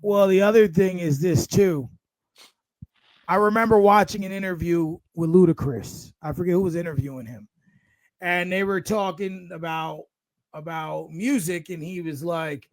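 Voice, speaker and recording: Young male podcast co-host, high pitch, dry close mic, rambling casual sports talk. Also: moderate pace, dry recording, low-quality recording. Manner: rambling, repeats words.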